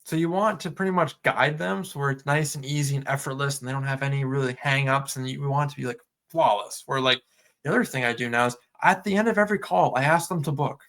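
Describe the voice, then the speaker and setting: Relaxed and full of filler words, this podcast co-host talks loosely at a quick pace in a mid-range voice. He keeps slipping into acted-out customer conversations.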